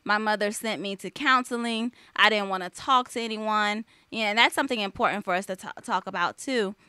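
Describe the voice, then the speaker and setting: A woman's voice: medium pitch, fairly quick, pushed and bright, clear, resonant tone, no echo. A woman hosting a talk radio show, telling personal stories candidly in a casual chat. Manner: candid, emotional personal storytelling. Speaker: host. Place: studio.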